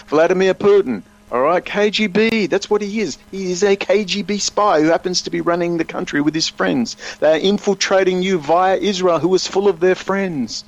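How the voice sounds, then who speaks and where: A man's voice: high-pitched, a little fast, few pauses. A man speaking as a guest in an emphatic, rambling conversational style, often slipping into quoted voices. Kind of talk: animated conversational commentary. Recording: muffled lo-fi audio.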